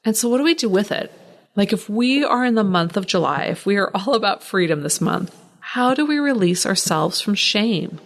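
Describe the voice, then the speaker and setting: A woman hosting a solo podcast, talking in an animated way, ranting at times and laughing often. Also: medium pitch, normal speed. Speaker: podcast host.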